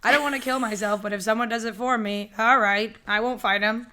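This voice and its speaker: Young northern us woman cohosting a podcast, cusses a lot, jokes about herself, bright punchy voice. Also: a little high, fairly even intonation, brisk. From northern United States. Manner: profane, self-mocking joking. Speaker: podcast co-host. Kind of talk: casual chat.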